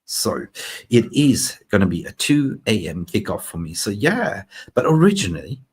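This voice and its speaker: A man from Sweden hosting a fan live stream, chatting excitably and reading out viewer comments. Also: on the low side, normal speed, husky. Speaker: fan channel host. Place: in Thailand.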